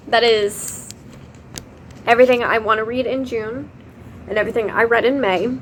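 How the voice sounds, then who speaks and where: A woman's voice: a little high, moderate pace, long pauses, a little hiss or hum. A young woman, chatting casually to camera about books, swearing freely and laughing often. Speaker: book vlogger.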